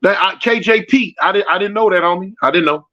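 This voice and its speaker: A man's voice: high voice, brisk. A man telling a street story in casual slang, acting out the voices and answering his live chat. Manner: animated, slangy, acts out voices in his stories. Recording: dull lo-fi audio.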